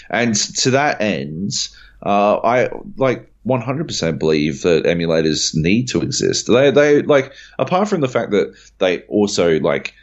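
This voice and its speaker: A man with an extremely deep voice rambles through casual podcast talk. He fills his sentences with ums and likes, restarts often and swears without thinking. The recording sounds dull and lo-fi. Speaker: podcast co-host.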